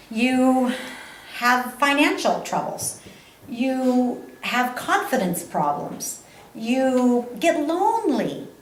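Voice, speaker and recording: A woman gives a motivational talk to a live audience, speaking slowly and leaning hard on repeated phrases. Her voice is fairly high and swings widely in pitch. The sound rings with the echo of a large room. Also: a little hiss or hum. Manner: animated, laughs often, repeats phrases for emphasis. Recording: echoey hall.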